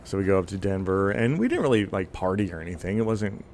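A man in his thirties telling a long personal story on a podcast in a rambling, animated way. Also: deep voice, fast talker, slight background noise. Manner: rambling, animated storyteller who voices quoted people. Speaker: podcast guest. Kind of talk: casual storytelling.

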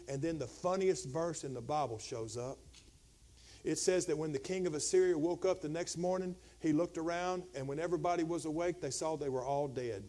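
A man preaching a sermon as pastor, retelling a scripture story, swinging from loud shouted passages to quiet, low storytelling. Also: a little fast.

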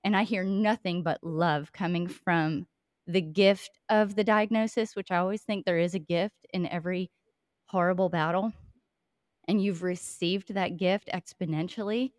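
Affirming woman podcast host, low voice. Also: steady tone, moderate pace, no echo, clean studio sound. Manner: effusive and affirming. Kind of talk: casual podcast interview.

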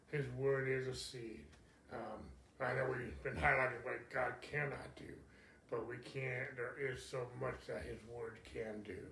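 A man's voice: mid-range voice, creaky, a bit bright. A man co-hosting a Bible study, talking in a loose, enthusiastic way with many fillers and repeated phrases. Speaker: co-host of a Bible study show. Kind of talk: casual Bible study discussion. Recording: echoey room with faint background noise.

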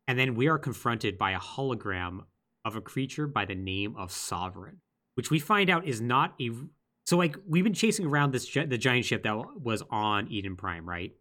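A man co-hosting a podcast recaps a game's plot in casual conversation. His pitch swings widely as he tells the story, full of quick asides and bursts of energy. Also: lively intonation, bright, forceful tone. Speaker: podcast co-host. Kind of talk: casual chat recapping a video game.

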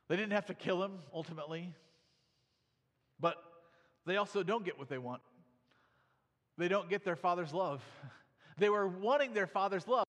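Male preacher, fairly high voice, reads scripture then explains it in a loose, talky way; long reverb of a hall. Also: a bit bright. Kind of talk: sermon with scripture reading.

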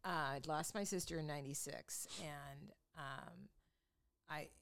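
A woman's voice: low voice, unhurried, a bit bright. A middle-aged woman in casual chat, telling stories in a chatty, self-mocking way. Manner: chatty storyteller, self-mocking, laughs often.

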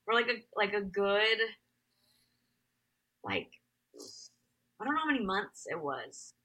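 A woman's voice: medium pitch, sing-song, slow pace, sharp tone, rough recording. A young adult woman singer telling her story as an interview guest, rambling with many fillers.

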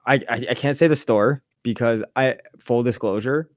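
Swearing, animated man telling stories. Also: mid-range voice, normal speed, no room sound, studio quality. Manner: animated storyteller, swears freely, acts out voices. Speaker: podcast co-host. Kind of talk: casual chat.

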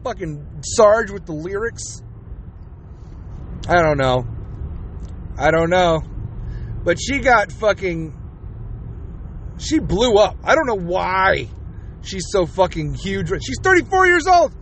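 A podcast host delivering a fired-up, profane and sarcastic political rant. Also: male voice, high-pitched, very animated, slow pace, long pauses, fairly bright tone, a little hiss or hum.

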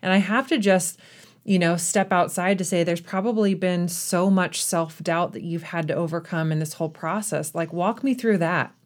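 Casting: woman with a lowish voice, host, heartfelt and reflective. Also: normal speed. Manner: warmly emotional, reflective. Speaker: podcast host. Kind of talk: casual interview.

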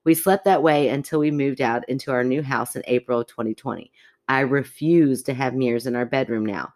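A woman co-hosting a podcast, reading a listener's story aloud in an animated, chatty way and breaking off to react. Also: a bass voice, brisk. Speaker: podcast co-host.

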